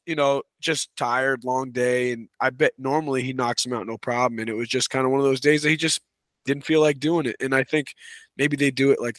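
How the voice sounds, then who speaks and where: A man talking as a wrestling coach and podcast guest in a relaxed, casual way, full of "you know" and "right.". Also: mid-range voice, no echo. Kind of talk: casual conversational interview.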